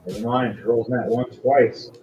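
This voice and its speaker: A man's voice: mid-range voice, moderate pace, dull audio, over loud music. A man narrating a tabletop game as its game master, telling the story with energy. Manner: animated storytelling.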